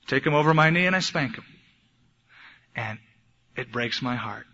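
Young guy preaching, earnest and emphatic, a bit high and bright, lots of echo. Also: animated, a little fast, pauses often. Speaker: pastor. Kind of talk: sermon. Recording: echoey hall, dull lo-fi sound.

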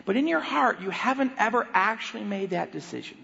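Guest preacher, male, high-pitched and gravelly, animated storyteller. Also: a little fast. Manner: animated storytelling with acted-out voices. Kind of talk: sermon. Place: church auditorium. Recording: long hall reverb, dull lo-fi sound.

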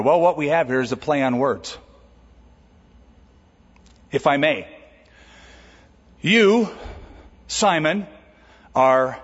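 A man preaching a sermon as a pastor, lively and conversational, with jokes along the way. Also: sits high. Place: church auditorium. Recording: dull recording with long hall reverb.

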